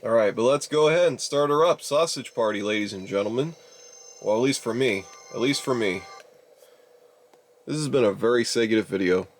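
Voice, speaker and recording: A young man in his twenties giving casual, rambling video commentary, exasperated and addressing his viewers as ladies and gentlemen. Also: mid-range voice, normal speed, slight background noise. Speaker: YouTuber reviewing a DVD player.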